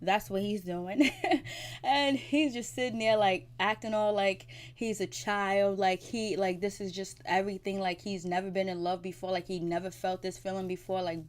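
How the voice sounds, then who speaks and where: A woman's voice: medium pitch, a little mellow. A woman hosting a casual TV recap vlog, chatty and opinionated, with many "like" and "you know" fillers. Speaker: TV recap vlogger.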